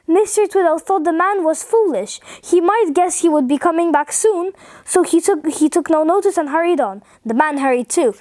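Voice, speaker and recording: A woman reading a funny children's story aloud, cheerful and expressive. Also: very high-pitched, moderate pace, dry recording, clean studio sound. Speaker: storybook reader.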